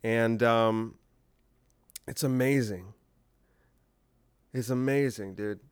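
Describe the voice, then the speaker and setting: A man talking on his own podcast in a loose, rambling way, sarcastic and incredulous. His voice is smooth and clear at a middle pitch. It is recorded close up with a dry sound. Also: slow pace, dry recording. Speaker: podcast host. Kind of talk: solo political commentary podcast.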